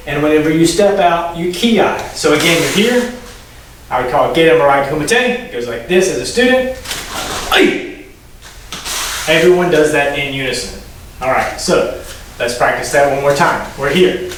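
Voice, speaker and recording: A man teaching a karate class, explaining the steps and calling counts that rise sharply in pitch. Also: animated, moderate pace, fairly bright tone, a little hiss or hum. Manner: instructive, calls Japanese counts rising sharply in pitch. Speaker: karate instructor. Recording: very echoey room, distant mic.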